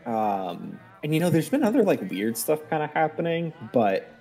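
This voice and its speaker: A player in a tabletop game talks in character, laid-back and rambling. The pitch is middling, and faint music plays underneath. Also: very animated, normal speed, gravelly, mellow.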